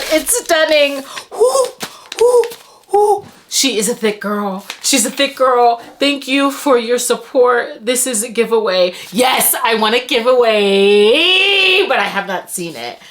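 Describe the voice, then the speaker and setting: A woman's voice: on the high side, animated, normal speed, hardly any pauses. A young adult woman vlogging as she unboxes book mail, gushing with breathless exclamations and stumbling over her words. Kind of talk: excited unboxing chat.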